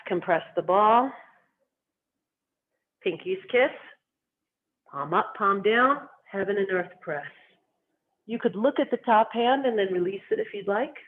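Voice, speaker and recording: A qigong instructor calmly guiding students step by step through slow movement and stretching exercises. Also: medium pitch. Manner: calm, gently instructive, cueing each movement. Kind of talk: guided movement lesson. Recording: tinny phone-like sound.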